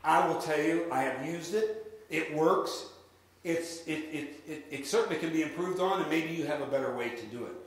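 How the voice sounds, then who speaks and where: A man giving a live sales seminar, lively and drilling the audience in call-and-response. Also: on the high side, normal speed. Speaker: real estate sales trainer. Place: large room with an audience. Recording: echoey hall with faint noise.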